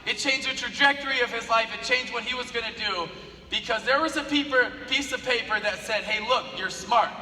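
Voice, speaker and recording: A man's voice: extremely high pitch, a little fast, slight background noise. A man giving a motivational speech, telling a story with lots of repetition for emphasis. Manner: animated storyteller, repeats phrases for emphasis. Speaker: speaker. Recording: echoey hall, from far off, faint ambience.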